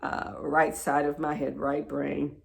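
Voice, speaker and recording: Slow, gravelly-voiced woman telling a story. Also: low-pitched, completely flat delivery. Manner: halting, repeats words, drops into soft whispers. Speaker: spiritual teacher. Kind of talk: personal storytelling to camera.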